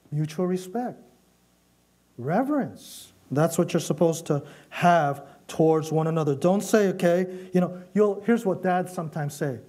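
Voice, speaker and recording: A man's voice: sits high, darkish tone. A man pastor giving a sermon in a conversational way. He repeats key phrases for emphasis and often checks in with "okay?". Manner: conversational preaching with frequent "okay?" check-ins.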